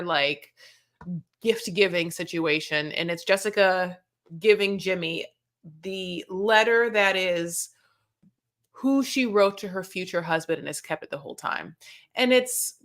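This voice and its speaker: A young woman in a casual recap chat, speaking at a middle pitch. She jokes, swears offhandedly and acts out lines from the show as she retells scenes. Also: a bit bright. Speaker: podcast co-host.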